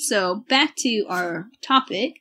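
A woman's voice: mid-range voice, lively intonation, slow, bright, forceful tone. A woman co-hosting a casual podcast, telling stories in a giggly, chatty way with lots of fillers. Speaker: podcast co-host. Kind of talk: casual chat.

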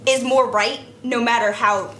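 A woman co-hosting a livestream who speaks as a costume maker, brisk and practical and quick to laugh. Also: on the high side, steady tone, a bit bright, slight background noise. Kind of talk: casual workshop chat.

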